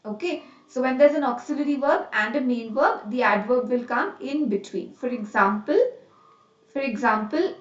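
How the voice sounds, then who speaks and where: Indian lady teaching grammar, high voice, keeps asking the class if they got it, echoey dull room sound, mic a bit far. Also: moderate pace. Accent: Indian English. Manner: mixes Hindi into English, asks the class questions often. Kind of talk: online grammar lesson.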